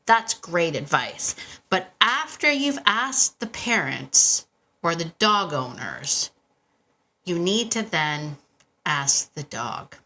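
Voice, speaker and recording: A bright, forward-sounding woman hosting a casual podcast monologue into a stand mic in her home podcast room. She talks in an animated, chatty way and keeps breaking off into asides. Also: on the low side, slow. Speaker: podcast host and dog trainer. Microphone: podcast microphone on a stand.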